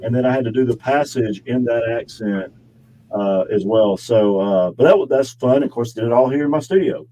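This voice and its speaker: A man talks as a guest in a casual interview, rambling from one anecdote to the next and laughing as he goes. His voice is dark and mellow, recorded in his home studio with a faint hum of room noise behind him. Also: medium pitch, moderate pace, rough recording. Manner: rambling, chatty storytelling with frequent laughs. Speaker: actor and model, guest.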